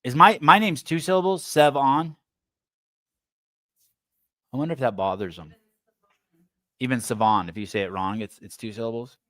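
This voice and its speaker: A man's voice: mid-range voice, normal speed, long pauses, a bit bright, dry recording. Male podcast host, rambling and foul-mouthed, talking close to a dry mic. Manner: profane, rambling riffs with stammered restarts. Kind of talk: casual livestream commentary.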